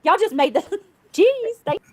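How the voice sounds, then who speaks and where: Giggly high-pitched woman livestreamer. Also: animated, normal speed, dry recording. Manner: giggly, swears freely, thanks viewers. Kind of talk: casual livestream chat.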